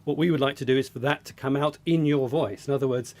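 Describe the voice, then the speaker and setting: Male researcher, interview, measured explanation, average pitch. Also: a little mellow. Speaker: speech technology researcher.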